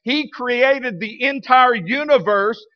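A man with a Southern American accent, a pastor preaching an animated sermon to his church. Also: very high-pitched, slow pace, lo-fi sound. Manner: animated, preaching with shifting loudness. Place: church sanctuary.

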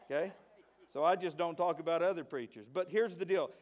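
A man with a Southern US accent preaching a lively sermon as pastor, dropping into quiet asides and jokes before rising to shouted praise. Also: fairly high pitch, fairly quick, muffled recording.

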